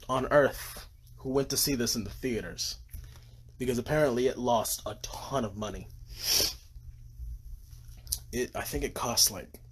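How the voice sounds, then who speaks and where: A tired man rambling excitedly about his movie collection on a casual livestream, gushing and swearing, sometimes dropping to a whisper. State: tired from little sleep. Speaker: vlogger. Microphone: phone camera. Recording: faint background noise, low-quality phone livestream.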